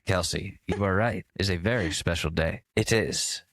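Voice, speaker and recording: A man's voice: sits low, moderate pace, a bit bright, dry recording. A young man co-hosting a podcast, chatting casually and comedically, acting out voices and laughing often. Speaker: podcast co-host.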